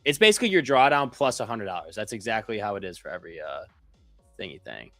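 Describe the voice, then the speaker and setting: A man's voice: fairly low pitch, very animated, fast, pushed and bright, dry recording, soft background music. A young man co-hosting a live trading stream, joking and swearing in loose trader slang. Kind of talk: casual live trading chat.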